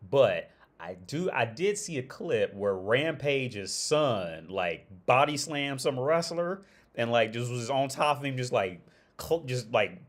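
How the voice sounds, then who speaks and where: Rambling, profane man chatting casually on stream. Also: medium pitch. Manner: rambling, profane, laughs often, many restarts. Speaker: livestream host. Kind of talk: casual livestream chat.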